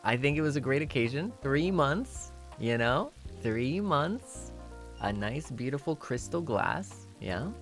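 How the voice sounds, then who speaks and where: A man's voice: mid-range voice, sing-song, measured pace, fairly bright tone, faint music behind. A man hosting a casual anniversary chat stream, giggly and rambling, shy and self-conscious, switching between English and Japanese. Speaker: streamer host.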